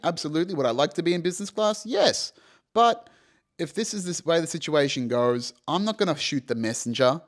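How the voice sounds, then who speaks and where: A young man hosting a podcast, telling a personal story casually and animatedly, swearing freely and saying "you know" and "right" often. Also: a little high. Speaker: podcast host.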